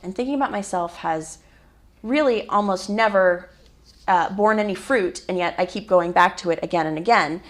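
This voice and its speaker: American woman, author guest, warm and anecdotal, average pitch. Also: moderate pace. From United States. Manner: warm, anecdotal, laughs easily. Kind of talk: radio interview.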